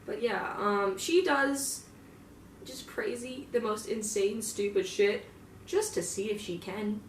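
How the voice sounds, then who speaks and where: A fan roleplayer, a young woman with a medium-pitched voice, takes her time with a casual in-character monologue. She rambles, swears freely, and leans on filler words, set back from the mic in an echoey room with a faint hum of ambience.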